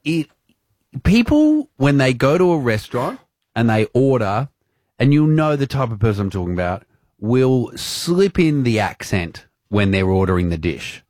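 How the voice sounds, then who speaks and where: A man's voice: mid-range voice, very animated, normal speed, darkish tone, dry recording, clean studio sound. A man co-hosting a casual chat podcast, animatedly explaining his pet peeves with playful impressions. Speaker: podcast co-host.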